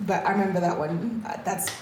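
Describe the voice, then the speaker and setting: A woman's voice: lowish voice, fairly even intonation, fairly quick, a little mellow, a little hiss or hum. Laughing woman, far off in an echoey room. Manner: laughs a lot while talking. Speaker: comedian. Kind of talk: casual chat.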